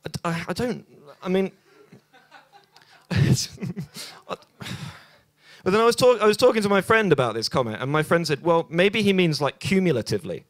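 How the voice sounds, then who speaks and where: A man's voice: sits high, animated, normal speed, pauses often, fairly bright tone. A young British man doing a stand-up set at an open mic night in a bar, dry and self-deprecating, rambling with many ums and restarts, on a handheld stage mic. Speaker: stand-up comedian.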